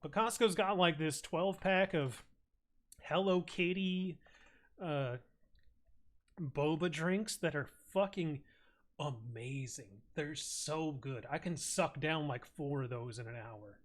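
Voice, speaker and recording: A man's voice: on the high side, slow. A man streaming, telling a rambling, crude and absurd comic story full of swearing. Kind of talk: casual comedic rant.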